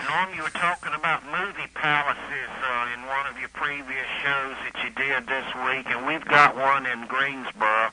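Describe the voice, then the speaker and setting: A man's voice: mid-range voice, fairly even intonation, a crowd in the background. An older man from North Carolina calling in to a radio show, rambling with lots of fillers over a phone line. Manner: rambling, halting, many fillers. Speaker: caller. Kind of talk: casual phone-in chat. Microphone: telephone. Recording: phone line with faint noise.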